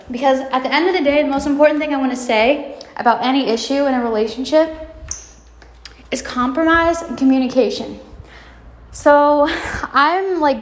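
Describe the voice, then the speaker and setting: A young woman hosting her own podcast, talking casually and frankly, full of "like" and swearing, slightly out of breath as she moves around her home cleaning. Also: fairly high pitch. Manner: chatty, frank, lots of "like" and swearing. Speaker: podcast host.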